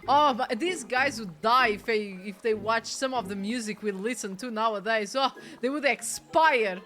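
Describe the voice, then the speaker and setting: Playful high-voiced woman streamer. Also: moderate pace, hardly any pauses, fairly bright tone. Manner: playful, jokey asides. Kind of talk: casual game commentary. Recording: game music playing behind.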